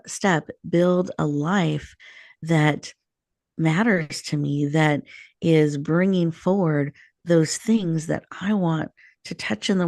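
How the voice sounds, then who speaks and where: Woman host, calm meditation guide, affirming manner, touch of fry, dry sound. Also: low voice, no room sound. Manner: soothing, slow and affirming.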